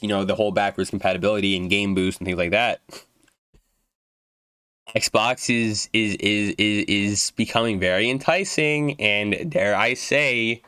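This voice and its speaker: A young gaming YouTuber delivers an unedited rant to camera about video games, blunt and profane, stumbling and restarting his words as his throat goes dry. His voice is fairly low but bright and forceful. There is no echo.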